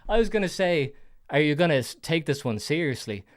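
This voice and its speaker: A man hosts a casual call-in show, his voice sitting notably high. He hands out teasing, mock-serious advice in a relaxed, chatty way. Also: a little fast, no room sound, studio quality. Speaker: host.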